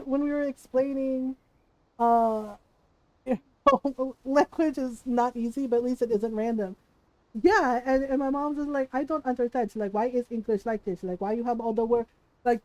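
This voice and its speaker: A woman streaming from home, a native Tagalog speaker, telling a family story in casual chat, animated, laughing often and swearing freely. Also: fairly high pitch, dry recording, poor audio. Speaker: livestream host.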